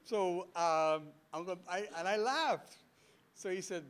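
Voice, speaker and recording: A Bahamian man in his seventies giving a storytelling history lecture to an audience, animated and full of anecdotes and chuckling asides. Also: high-pitched, moderate pace. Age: 70s. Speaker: guest speaker. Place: lecture hall before an audience.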